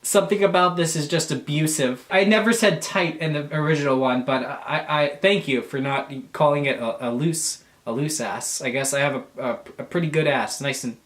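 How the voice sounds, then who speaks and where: Animated young man joking in a roomy room. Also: fairly high pitch, brisk, hardly any pauses. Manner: animated, crude, mock-offended jokes. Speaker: YouTuber. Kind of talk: comedic reading aloud with asides.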